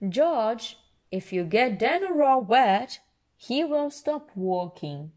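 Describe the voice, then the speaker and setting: A woman voicing a kind mother pig in a children's storybook reading, gentle and reassuring. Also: on the high side, sing-song, slow.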